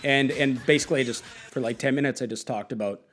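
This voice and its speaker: A man's voice: mid-range voice, fast talker, fairly bright tone. Candid rambling male comedian. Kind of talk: documentary interview.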